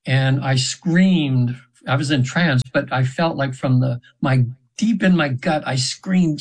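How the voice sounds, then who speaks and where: A man's voice: mid-range voice, moderate pace, low-quality recording. A man in his seventies, a guest on a radio show, telling a long story in an earnest, rambling way with many fillers and restarts. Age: 70s. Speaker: radio guest, spiritual practitioner. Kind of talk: casual radio interview storytelling. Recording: radio interview.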